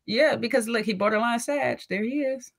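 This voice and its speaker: A woman's voice: on the high side, moderate pace, vocal fry. A woman co-hosting a podcast in casual chat, teasing and laughing often. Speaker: podcast co-host.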